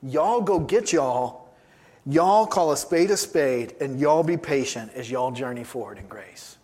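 A man voicing the apostle Paul as a Southern preacher with a slow, drawn-out American Southern drawl. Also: mid-range voice, expressive, darkish tone. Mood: playful.

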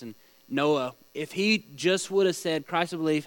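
A man's voice: a little high, fairly quick, fairly bright tone, clear, resonant tone, no echo, poor audio. A man leading a small-group Bible study, teaching in a conversational way, asking the group questions and telling stories.

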